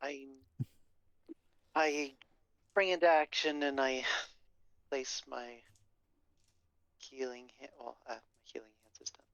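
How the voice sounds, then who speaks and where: A man chats hesitantly as a player in a tabletop game. His voice is gravelly and dry. It sounds dull and lo-fi, as if from a cheap microphone. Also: mid-range voice, slow pace, long pauses, fairly bright tone, dry recording. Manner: casual, hesitant. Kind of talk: casual tabletop game chat.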